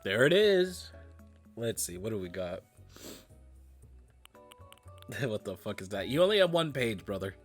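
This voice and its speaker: Yawning and tired, a gaming streamer mutters about what's happening on screen, swearing here and there and wavering between loud and quiet. His fairly low voice is very animated, measured in pace with long pauses, and faint music sits behind him.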